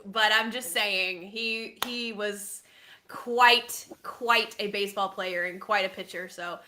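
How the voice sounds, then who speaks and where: Bubbly woman with a bright high voice. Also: slow, slight background noise. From Texas. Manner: bubbly, giggly, expressive. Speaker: co-host. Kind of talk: casual livestream chat.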